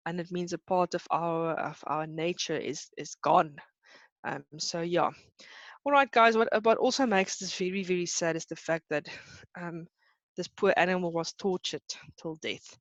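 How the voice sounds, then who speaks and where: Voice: medium pitch, normal speed, no room sound, muffled recording. A teacher giving a live online lesson, talking in a hesitant, reassuring way with many fillers.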